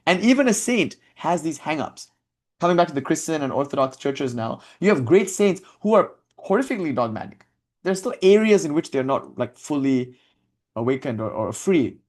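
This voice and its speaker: A man's voice: on the high side, very animated, moderate pace, darkish tone. Man giving a reflective spiritual talk. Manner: conversational, self-questioning, thinks aloud. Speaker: spiritual teacher.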